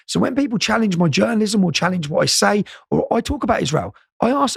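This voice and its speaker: A man's voice: high voice, expressive, fast, creaky, hardly any pauses, slightly rough, dry recording, clean studio sound. A man, an interview guest, telling stories casually with many repeated words and "yeah?" tags.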